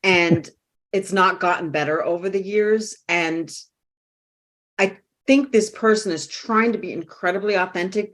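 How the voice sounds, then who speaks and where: A woman's voice: mid-range voice, a little slow, a bit bright. Woman co-host, casual agreeing remarks. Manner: short agreeing interjections, casual. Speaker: podcast co-host. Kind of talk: podcast interview.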